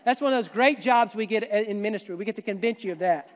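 A male pastor with a high voice talks fast through a sermon in a church sanctuary, keeping it conversational and tossing joking asides to the congregation. The recording carries the long reverb of a church hall.

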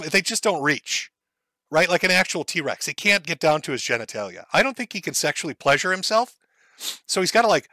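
A man's voice: fairly high pitch, pushed and bright, no room sound. A male streamer host giving crude, sarcastic commentary on clips, laughing at them.

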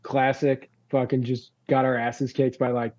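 A young man with a Long Island accent rambles through his stories in a casual, unhurried interview. His voice is mellow and relaxed, with plenty of fillers and offhand swearing. The recording is dry and a little dull, like lo-fi podcast audio. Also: medium pitch, no room sound. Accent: Long Island New York. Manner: laid-back, rambling, swears freely, many fillers. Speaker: band frontman, guest.

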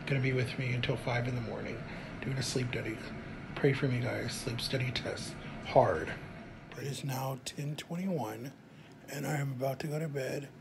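Male vlogger, casual and direct with viewers, slightly breathless, average pitch, noisy phone-style recording. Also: creaky. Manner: chatty, addresses viewers directly. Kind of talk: casual vlog to camera. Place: outside a hospital in early morning.

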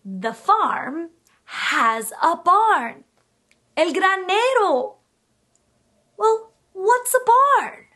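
A woman who is a bilingual speech therapist, teaching toddlers slowly in a sing-song, exaggerated way and making animal sounds. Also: very high-pitched, very animated, bright, forceful tone. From United States. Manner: sing-song, exaggerated, switches between English and Spanish.

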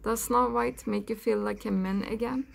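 Woman playing a bossy giant boss guy, scheming, gravelly. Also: a little high, steady tone, normal speed. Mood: commanding. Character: shrewd, commanding male giant leader.

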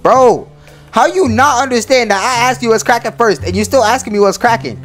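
A teenage boy chatting loudly over voice chat in a Roblox game, trading slangy banter. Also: very high voice, brisk, soft background music. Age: teens. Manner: loud, excitable, slangy banter. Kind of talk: casual gaming voice chat.

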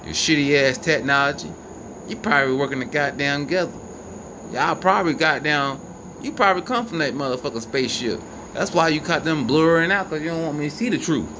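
A man filming the night sky on his phone outdoors, giving excited and profane running commentary to his viewers. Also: on the high side, a little fast. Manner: animated, profane, incredulous, talks to viewers. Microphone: phone camera. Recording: noisy outdoor phone recording. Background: crickets and insects, passing vehicles.

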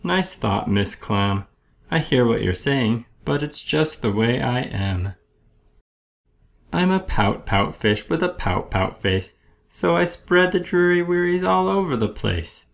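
A man voicing a glum male fish in a children's storybook, with sing-song rhymes and drawn-out blubs. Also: mid-range voice, lively intonation, gravelly.

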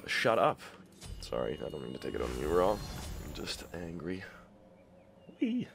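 A young man commentating his own gameplay, muttering one moment and yelling and cursing in frustration the next. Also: low-pitched, huge pitch swings, normal speed, vocal fry, a crowd in the background. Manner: swings between mutters and yelled, cursing outbursts. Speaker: gaming YouTuber.

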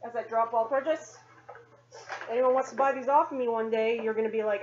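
A woman's voice: on the high side, a little fast, darkish tone, muffled recording, a little hiss or hum. A woman doing a casual show-and-tell vlog at home, chatty, rambling and self-deprecating. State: sweaty after cleaning. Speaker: doll-collecting vlogger. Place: home condo.

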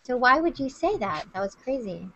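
A woman hosting a casual group video chat, talkative and animated, steering the talk with questions. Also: sits high, moderate pace, highs cut off, a little hiss or hum. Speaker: host.

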